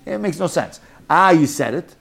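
Guy teaching a talmud class, kinda high voice, animated, joking around with students. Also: normal speed, gravelly. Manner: animated, mixes Hebrew and Yiddish terms, jokes with students. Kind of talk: lively Talmud class lecture.

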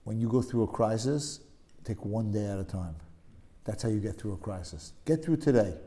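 A man leading a casual religious study discussion, telling stories in an emphatic, animated way, often repeating himself for stress. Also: lowish voice, moderate pace.

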